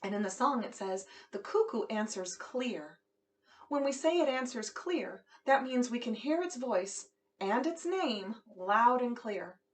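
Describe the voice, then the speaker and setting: A woman music teacher patiently explaining a song to children in a simple, gentle way. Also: fairly high pitch, animated, measured pace, slight background noise.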